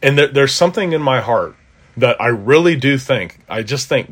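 A man's voice: medium pitch, expressive, moderate pace, slightly rough. A man preaching an expository sermon, earnest and conversational, with emphatic rises on key points.

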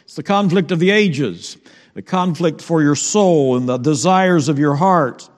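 A man's voice: on the high side, expressive, unhurried. Man preaching in a reverberant church. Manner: conversational preaching with fillers and repeated words. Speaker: pastor. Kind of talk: sermon. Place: church sanctuary.

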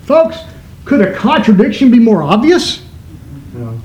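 High-voiced man preaching in an echoey room. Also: wildly swooping pitch, a little slow, darkish tone. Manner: preaching with emphatic shifts in pitch. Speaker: pastor. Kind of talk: sermon.

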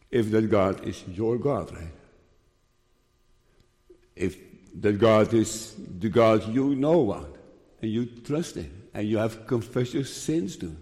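A man preaching a sermon, slow and emphatic, repeating key phrases. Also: mid-range voice, mellow. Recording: long hall reverb.

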